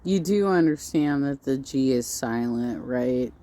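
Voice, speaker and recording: Woman co-host, deep and unhurried, dry sarcasm. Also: lively intonation, warm tone.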